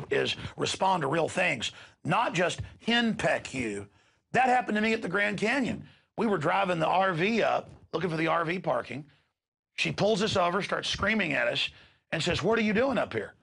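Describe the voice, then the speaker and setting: A man's voice: a little high, very animated, moderate pace, vocal fry, fairly bright tone, slightly rough. A middle-aged man, hosting a show and delivering an impassioned, emphatic rant to his listeners. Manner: ranting, emphatic, repeats words when worked up. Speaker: radio show host.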